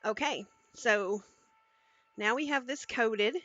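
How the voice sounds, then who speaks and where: A woman's voice: a little high, takes it slowly, a bit bright, highs cut off. A woman cooking on a live stream, chatting casually and talking viewers through each step into a headset mic in her home kitchen.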